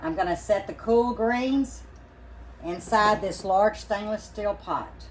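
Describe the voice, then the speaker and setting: A woman from Louisiana, a home canning cook who hosts her own channel, leads a folksy, chatty demonstration in her home kitchen, checking in with viewers as she works. She speaks slowly in a mid-range voice, with slight background noise.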